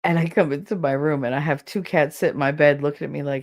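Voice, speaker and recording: A woman with a naturally deep voice hosting a livestream podcast, chatting casually with her viewers and telling stories in an animated way. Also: fast talker, creaky. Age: adult with children. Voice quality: low deep voice. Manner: chatty, animated storytelling, laughs often. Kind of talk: casual livestream chat reading the chat.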